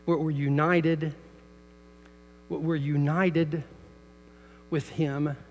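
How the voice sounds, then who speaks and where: Older pastor preaching in a reverberant church. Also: male voice, on the high side, little pitch movement, very slow, a little hiss or hum. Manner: storytelling, repeats words at the start of phrases, rises loud when quoting. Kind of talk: sermon. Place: church sanctuary.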